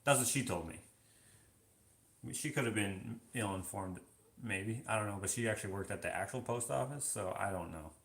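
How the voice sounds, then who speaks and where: A man's voice: fairly low pitch, brisk, creaky, a bit bright. A man chatting casually on a live stream, reading viewer comments aloud and answering with loose, filler-heavy talk. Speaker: vlogger answering viewer questions. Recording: roomy echo.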